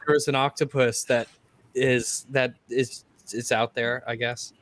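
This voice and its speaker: A man's voice: medium pitch, level tone, unhurried, fairly bright tone. A man, a podcast panelist, making sarcastic jokes in a casual group chat.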